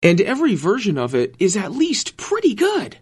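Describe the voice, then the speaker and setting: A man's voice: high-pitched, huge pitch swings, normal speed, husky. Dry-humored man co-hosting a podcast. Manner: dry, joking delivery. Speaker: podcast co-host. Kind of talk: casual chat.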